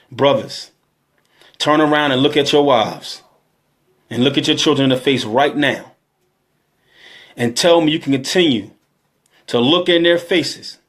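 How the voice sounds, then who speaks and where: A man's voice: mid-range voice, measured pace, pauses often, fairly bright tone. A man in his thirties giving an emotional, pleading exhortation, repeating his calls over and over. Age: 30s. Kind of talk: impassioned exhortation.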